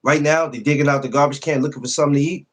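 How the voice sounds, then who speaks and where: A man's voice: a little high, steady tone, racing. A man hosting a casual podcast livestream, greeting viewers by name and talking loosely, with profanity and frequent laughs. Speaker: podcast host greeting live chat.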